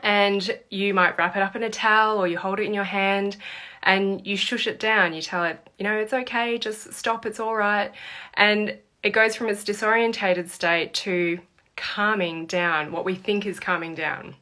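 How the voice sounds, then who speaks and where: A woman's voice: mid-range voice, fairly even intonation, normal speed, pushed and bright. A woman, a therapist and trainer, explaining emotional processes through an earnest story. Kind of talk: explanatory talk to camera.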